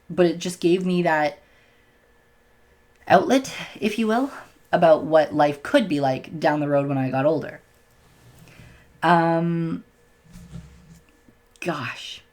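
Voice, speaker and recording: A man's voice: on the high side, slow pace, pauses often. A young man talks straight to the camera in a casual vlog. He is open but a little self-conscious. He often stumbles and restarts his words. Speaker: vlogger. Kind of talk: casual personal storytelling to camera.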